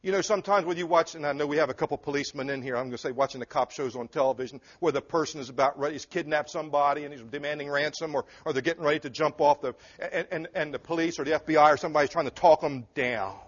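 A man preaches to a congregation in an earnest, emphatic manner, turning now and then to speak directly to his listeners. His voice sits a little high for a man. The church recording sounds dull and muffled. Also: racing, few pauses, husky. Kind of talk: sermon.

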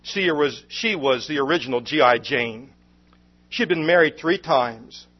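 A man's voice: mid-range voice, expressive, a little slow, husky. A man preaching, telling a story in an earnest, emphatic way on a dull lo-fi recording. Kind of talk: sermon storytelling.

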